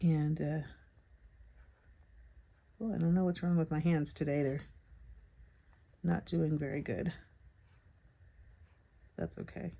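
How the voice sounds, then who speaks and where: Woman with a low voice doing a chill bible journaling tutorial, lots of hmms and pauses. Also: steady tone, gravelly. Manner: soft, chatty, thinking aloud with hums and pauses. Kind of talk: relaxed craft tutorial narration.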